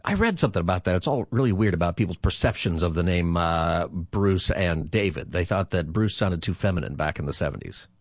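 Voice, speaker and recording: Chatty pastor guy hosting call-in radio, lowish voice that swings all over, dry close mic. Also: expressive, brisk, few pauses, dry recording. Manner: chatty, laughs easily, repeats the phone number. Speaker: radio talk show host, pastor. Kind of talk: casual call-in radio chat.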